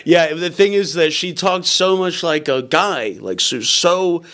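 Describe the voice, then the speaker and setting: A man's voice: on the high side, a little slow, fairly bright tone. A young man hosting a podcast, telling a rambling story in casual chat and laughing along. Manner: rambling, laughs through story, lots of fillers. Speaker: podcast host.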